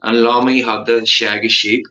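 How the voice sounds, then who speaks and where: A man's voice: mid-range voice, level tone, normal speed, noisy background. A man with a Belfast accent chatting casually on a live stream, rambling, swearing and laughing often. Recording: roomy, dull lo-fi sound.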